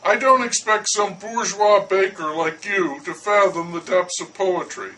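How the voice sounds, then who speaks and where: A man's voice: high-pitched, measured pace, sharp tone, far from the mic, poor audio. A man voicing a condescending poet who coolly talks down to a baker. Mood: patronizing. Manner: smooth, patronizing, persuasive. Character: languid condescending male poet.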